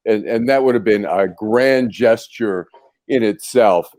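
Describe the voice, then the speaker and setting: A man talking as a regular guest on a panel show, opinionated and animated. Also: mid-range voice, moderate pace, no echo. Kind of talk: casual panel talk.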